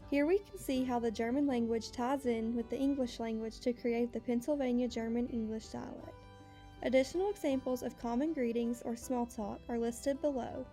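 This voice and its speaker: A woman narrating a scripted class presentation, reading steadily and slowing down for example words. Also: fairly high pitch, steady tone, warm tone, faint music behind. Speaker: student presenter.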